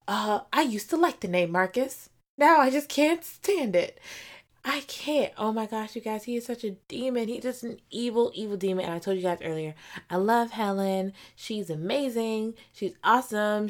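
A woman giving a casual book review vlog, gushing and animated, dropping to whispers for emphasis. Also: medium pitch, moderate pace.

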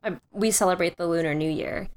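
Young woman, casual chat, animated storyteller, filler-heavy, quick to laugh. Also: lowish voice. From United States. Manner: chatty and animated, frequent "like", laughs at her own stories.

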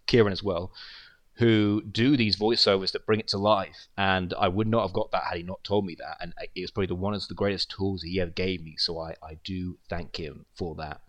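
A man with a lowish voice gives a loose, heartfelt spoken tribute. He wanders from story to story, often dropping to a quiet trail at the ends of his thoughts. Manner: rambling storyteller, trails off softly. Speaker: creator of an online wrestling show.

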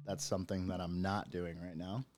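A man hosting a casual live-streamed podcast, chatty and excitable, laughing often. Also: sits low, a little fast. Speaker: podcast host. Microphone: phone or computer mic on a live stream.

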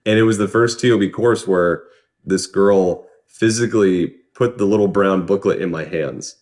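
A man co-hosting a podcast in casual chat, telling stories in an earnest, relaxed way. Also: low-pitched, normal speed. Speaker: podcast co-host.

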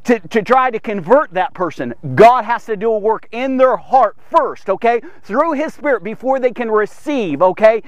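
High-voiced, excitable man preaching. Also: normal speed, hardly any pauses, dry recording. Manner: energetic, punctuates with "okay?"; acts out biblical speakers in a raised voice. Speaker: devotional podcast host. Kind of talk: informal devotional preaching.

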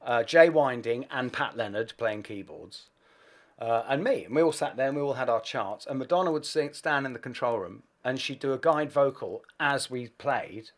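A man, a guest musician, telling anecdotes in an animated, self-deprecating way, with plenty of swearing. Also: medium pitch, moderate pace. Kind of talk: anecdotal storytelling.

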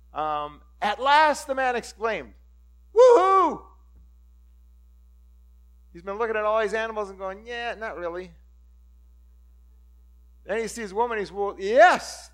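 Animated high-voiced male preacher. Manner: animated, acts out scripture voices. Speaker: pastor. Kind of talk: sermon.

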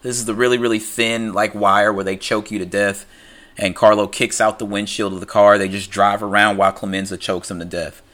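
A man's voice: on the low side, little pitch movement, brisk, fairly bright tone. A man retelling a film plot in loose, conversational talk, full of fillers and restarts. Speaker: film recap commentator.

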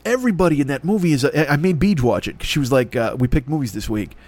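A man's voice: a little high, lively intonation, quick pace, a little mellow. A middle-aged man hosting a show, ranting and rambling in a profane comic monologue, often swearing and mocking other voices. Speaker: podcast host.

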